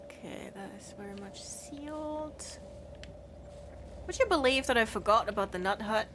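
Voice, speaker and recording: A woman streaming a video game, chatting and commenting in a giggly way with bursts of high excited squeals. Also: moderate pace, slight background noise.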